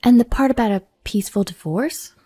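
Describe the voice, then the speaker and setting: A woman's voice: fairly high pitch, brisk, mellow, voice pushed up, natural voice. A woman voicing a composed young woman who questions politely but pointedly. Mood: probing.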